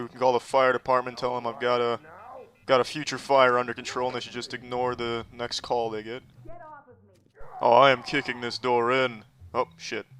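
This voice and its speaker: A man hosting casual gameplay commentary, sarcastic and profane with deadpan jokes. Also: mid-range voice. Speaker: host reacting and playing a game.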